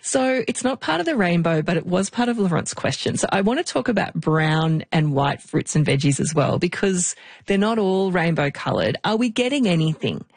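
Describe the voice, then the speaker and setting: A woman's voice: fairly low pitch, very animated, normal speed, gravelly, no echo. Friendly woman podcast host, dry close sound. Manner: friendly, playful, asks and sums up. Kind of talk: conversational podcast interview.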